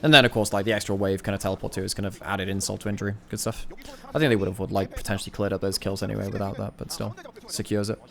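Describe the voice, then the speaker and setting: Lowish-voiced man breaking down a replay. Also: little pitch movement, gravelly, a crowd in the background. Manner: thinks aloud, rapid restarts, casual swearing. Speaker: esports analyst. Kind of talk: casual match review commentary.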